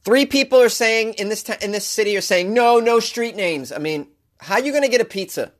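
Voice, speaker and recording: Sarcastic, animated man ranting. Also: high voice, fast talker. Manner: animated, sarcastic, mock voices and rants. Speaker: podcast host. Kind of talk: comedic news commentary.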